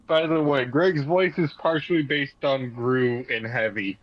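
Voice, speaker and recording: A man's voice: mid-range voice, a little slow, dull audio. A man playing a tabletop game, describing his character's actions and arguing points at length. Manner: rambling, argumentative. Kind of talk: casual play and banter.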